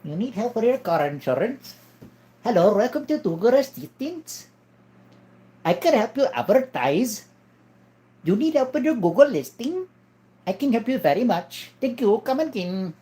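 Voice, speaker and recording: Man doing a very high, sing-song scam caller, put-on Indian English accent, overly polite. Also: big pitch swings, moderate pace, mellow. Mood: overpolite. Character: fake male tech-support scam caller.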